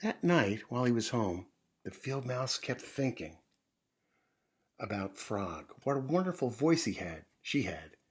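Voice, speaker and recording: A man reading a children's picture book aloud in a gentle storytime manner, pausing to explain things to young listeners. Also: mid-range voice, big pitch swings, slightly rough.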